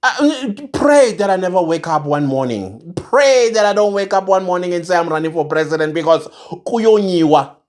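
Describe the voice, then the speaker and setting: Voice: mid-range voice, very animated, normal speed, a little mellow. Angry South African commentator ranting. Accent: South African, mixing isiZulu. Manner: angry, emphatic, repeats phrases. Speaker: online commentator. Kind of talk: impassioned rant to viewers.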